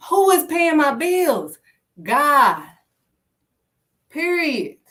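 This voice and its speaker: Emphatic high-voiced woman preaching. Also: sing-song, very slow, fairly bright tone, recorded from a distance. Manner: emphatic, punctuates points with "period"; calls listeners honey and sweetheart. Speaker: faith speaker. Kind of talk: casual preaching monologue.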